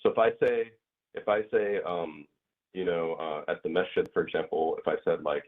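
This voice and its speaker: A man's voice: low-pitched, normal speed. A man teaching an online Arabic grammar class in a casual, rambling way, with many fillers and small acted-out examples. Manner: rambling, filler-heavy, acts out little scenes. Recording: tinny phone-like audio.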